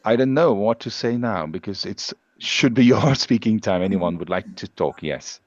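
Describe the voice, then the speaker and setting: A male teacher explains speaking techniques in a steady, instructive way, stressing single words when he demonstrates. His voice sits low, and the recording is dry and slightly dull. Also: moderate pace, no room sound. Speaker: English language teacher, guest speaker. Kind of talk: live workshop lesson on speaking skills.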